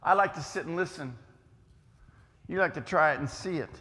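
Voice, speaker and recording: An older man teaching a youth group in a church hall, folksy and teasing, with lively asides to the audience. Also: on the high side, moderate pace. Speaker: youth speaker. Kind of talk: lively classroom lesson. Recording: long reverb of a hall.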